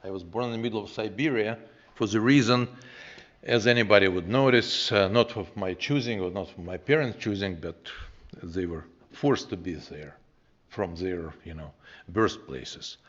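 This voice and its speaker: Man, 60s, Russian accent, low-pitched, halting, fillers, muffled council chamber recording. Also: a bit bright. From former Soviet Union. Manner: halting, many restarts and fillers, earnest. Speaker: public commenter. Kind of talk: public comment at a council meeting. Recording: dull, muffled meeting audio.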